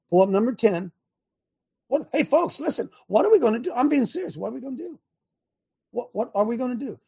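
A fired-up man hosts his own political talk show, firing the same rhetorical questions at his viewers. His voice is high for a man and gravelly, with a mellow, husky tone. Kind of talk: animated political commentary to viewers.

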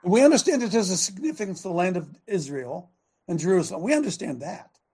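Male radio preacher, high-pitched with a dark tone; emphatic, halting delivery, reads scripture and breaks off for asides. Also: sing-song, breathy edge. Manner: emphatic, fires repeated rhetorical questions; halting, with frequent restarts and asides. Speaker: host of a religious broadcast.

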